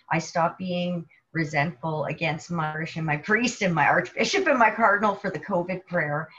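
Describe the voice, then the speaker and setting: Female co-host, casual faith talk, chatty and expressive, slightly muffled audio. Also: on the low side. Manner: animated storyteller, acts out quoted people. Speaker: podcast co-host. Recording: dull lo-fi sound.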